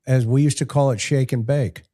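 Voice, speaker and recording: A man's voice: mid-range voice, fairly even intonation, a little fast, dark tone. An older man, a retired homicide detective, telling cop stories in a casual panel chat and acting out quoted voices. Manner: storytelling, acts out quoted voices.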